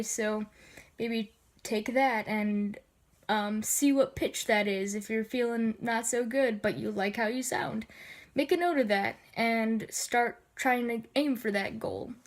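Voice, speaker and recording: Sniffly woman giving a hesitant voice tutorial. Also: measured pace. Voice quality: slightly gravelly low register. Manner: hesitant, many filler ums. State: sniffly from allergies. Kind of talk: casual spoken tutorial.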